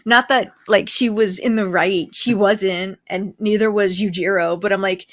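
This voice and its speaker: A woman's voice: mid-range voice, steady tone, normal speed, few pauses, a bit bright. A woman co-hosting a casual anime review, easygoing and laughing along. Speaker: podcast co-host.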